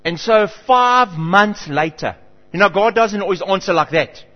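Speaking at a measured pace in a high voice, a middle-aged pastor delivers his sermon through lively storytelling, imitating the people he describes. The recording carries the dull echo of a reverberant church hall.

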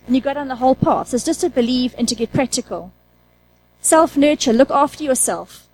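A woman's voice: high voice, lively intonation, quick pace, darkish tone, a little hiss or hum, low-quality recording. A woman preaching a conversational sermon, asking the audience questions and acting out her own inner dialogue.

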